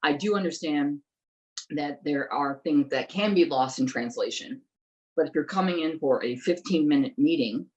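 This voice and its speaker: A woman investigative journalist in a conversational interview, talking in an animated, emphatic way and throwing in rhetorical questions. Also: sits low, moderate pace, dull audio.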